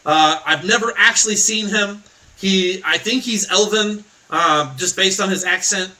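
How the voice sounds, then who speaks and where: A man's voice: sits high, a little slow, sharp tone, far from the mic, exaggerated voice, rough recording. A man voicing a frightened, captured orc who pleads and stammers. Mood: pleading.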